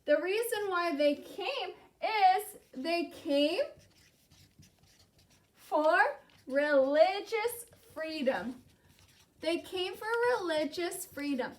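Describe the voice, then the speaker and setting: A young woman teaching a class in a slow, clear way, saying key words and having students repeat them after her. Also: very high-pitched, lively intonation. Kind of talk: classroom lesson with call-and-response.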